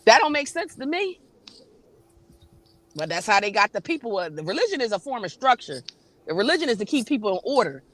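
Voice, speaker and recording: A woman's voice: a little high, sing-song, fairly quick, pauses often, fairly bright tone, no room sound. A woman, a panel guest in a casual livestream chat, talks in an emphatic, preachy and blunt way with some swearing. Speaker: guest on a spiritual talk panel.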